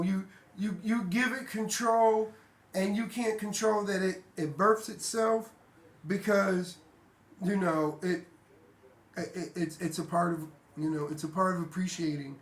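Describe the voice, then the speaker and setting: A man's voice: high-pitched, steady tone, a little slow. A man giving a casual motivational monologue, talking bluntly and emphatically, swearing freely and repeating himself. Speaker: vlogger. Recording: echoey room.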